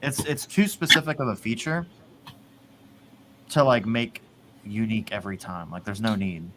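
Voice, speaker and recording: A man's voice: on the low side, normal speed, heavy background noise. A man in casual chat, rambling, swearing and laughing often. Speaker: podcast host.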